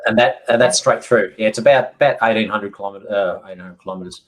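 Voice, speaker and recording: Australian man, slightly low voice, measured and halting, guest homesteader. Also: rough recording. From central Victoria, Australia. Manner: measured, halting explanations with many restarts.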